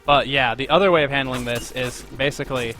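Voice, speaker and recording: A man's voice: medium pitch, fast, bright, forceful tone. Male game streamer, casual and profane, rambling talk, faint game music underneath. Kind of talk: live game commentary.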